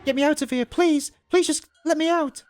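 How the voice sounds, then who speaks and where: A man voicing a panicked young woman who screams and pleads frantically in a shrill voice. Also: moderate pace. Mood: hysterical.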